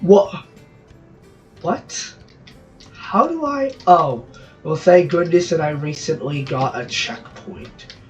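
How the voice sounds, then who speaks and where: A man's voice: a little high, animated, slow pace, long pauses. A man from Brazil giving rambling, jokey gameplay commentary with lots of self-interrupting asides. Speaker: gaming channel host. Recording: distant, dull lo-fi mic with music behind.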